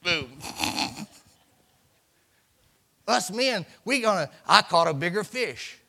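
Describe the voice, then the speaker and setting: A man's voice: high voice, expressive, slow, creaky, sharp tone. A middle-aged man preaching a sermon in a folksy storytelling way, acting out voices and repeating words for effect.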